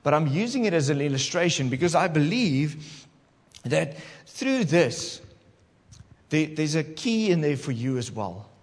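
A male pastor preaching a sermon in an animated way, talking straight to his congregation in church. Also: a little high, measured pace, in a large hall.

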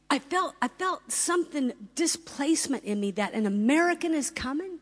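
A middle-aged woman giving a fervent sermon-style testimony, building to loud rising climaxes and acting out dialogue. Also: fairly high pitch. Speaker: ministry founder and speaker. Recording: long hall reverb.

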